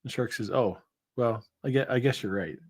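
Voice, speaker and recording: A man's voice: medium pitch, moderate pace, breathy edge. A man co-hosting a casual live show, telling a long joke with many fillers and restarts. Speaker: co-host. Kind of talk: casual chat.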